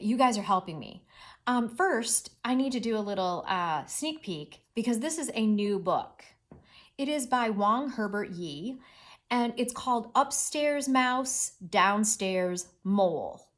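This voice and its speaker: Slow, animated woman teacher. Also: fairly high pitch. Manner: expressive, animated, talking to children. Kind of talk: read-aloud reading lesson.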